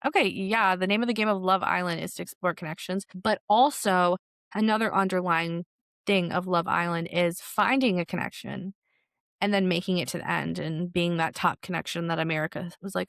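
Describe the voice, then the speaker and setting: A young woman hosting a podcast, chatting casually about reality TV in an animated, filler-heavy way. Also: on the low side, normal speed, dry recording, clean studio sound. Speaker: podcast host. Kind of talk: solo pop culture commentary.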